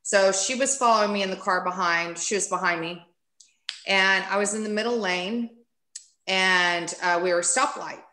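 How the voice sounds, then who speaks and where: A woman guest on a podcast, candidly telling a personal story in a casual, animated way and acting out what people said. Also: medium pitch, normal speed, reverberant. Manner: candid, animated, acts out quoted speech.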